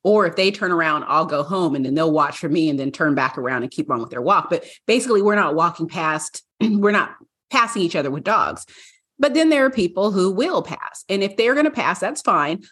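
A woman co-hosting a podcast in casual chat, an animated storyteller who laughs often. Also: brisk, husky. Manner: animated storyteller, acts out her dogs in high voices, laughs often. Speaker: podcast co-host.

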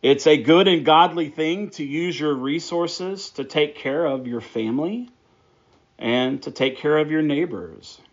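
A man's voice: fairly high pitch, a little slow, dull audio. A man preaching a sermon, praying and then teaching through a Bible passage with emphatic, repeated phrases. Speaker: pastor.

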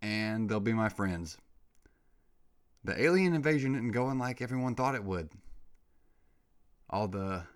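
A man with a low, deep voice hosts a solo comedy podcast. He talks in an unhurried drawl, but he keeps rambling off on tangents and getting worked up, peppering everything with "dude.". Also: clear, resonant tone. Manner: rambling, excitable, slangy with frequent "dude". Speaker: podcast host.

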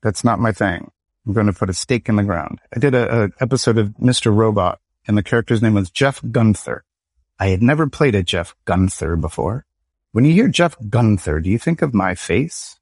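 A middle-aged American man speaks in a low, even register, recalling his acting career in a thoughtful interview. His delivery is reflective and sometimes acts out little quoted exchanges. The sound is close and dry, with no room around it. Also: moderate pace, no echo. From Michigan, United States. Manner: reflective, storytelling with quoted dialogue. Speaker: guest, actor and educator. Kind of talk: conversational interview.

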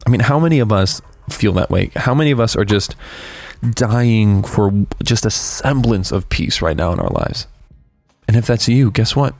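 Earnest low-voiced man preaching. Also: sing-song, vocal fry, a little mellow, no room sound, faint music behind. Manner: earnest, candid, halting with restarts. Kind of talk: devotional talk on a worship song. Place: outside a church.

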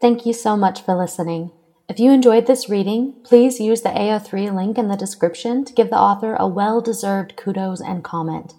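A woman narrating a fan fiction story in a steady, even reading voice. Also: medium pitch, moderate pace, in a large hall. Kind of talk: scripted narration.

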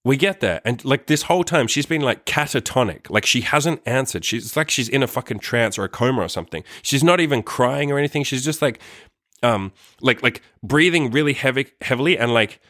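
A man's voice: medium pitch, lively intonation, brisk, a bit bright, no room sound, clean studio sound. A young man telling a long personal story in a casual, rambling way, swearing often and saying "like" constantly, into a microphone. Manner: rambling, profane, heavy use of "like".

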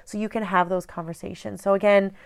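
A woman in her thirties talks straight to her listeners, earnest and direct. Her voice is smooth and resonant, at a middle pitch for a woman. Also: fairly even intonation, brisk. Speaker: host. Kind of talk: casual motivational talk.

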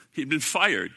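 Male pastor, high voice, booming to hushed, sermon in a reverberant church hall. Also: creaky, husky. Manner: swings from loud declaration to hushed near-whispered prayer. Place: church sanctuary.

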